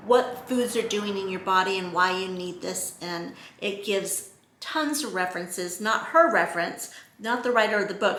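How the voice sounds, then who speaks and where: A woman's voice: medium pitch, pushed and bright, reverberant, a little hiss or hum. A middle-aged woman talking casually to her camera, chatty and earnest with many fillers. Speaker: vlogger.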